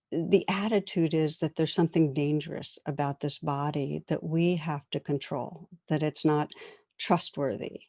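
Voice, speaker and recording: A woman giving a dharma talk as a meditation teacher, gentle and reflective, often laughing softly as she tells stories. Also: sits low, no room sound, studio quality.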